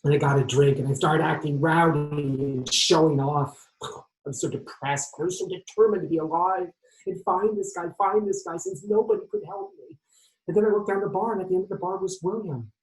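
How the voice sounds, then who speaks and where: A man in his sixties from Arizona, performing an autobiographical stage monologue with emotional swings in volume and pitch. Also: lively intonation, a little fast. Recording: echoey room.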